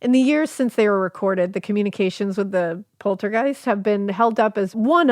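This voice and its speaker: A woman's voice: mid-range voice, moderate pace, few pauses, darkish tone, no echo, clean studio sound. A woman hosting a casual storytelling podcast, reading quotes and chatting with fillers and easy laughs. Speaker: podcast host.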